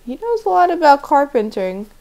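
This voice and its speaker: A woman voicing an earnest teenage country boy who talks in a folksy, hushed and urgent way. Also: high-pitched, very animated, brisk, voice pushed up, rough recording.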